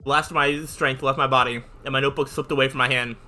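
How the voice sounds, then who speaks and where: A man's voice: medium pitch, steady tone, fast talker, sharp tone. A man reading a visual novel aloud in a casual way, with fillers and side comments. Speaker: channel host reading aloud.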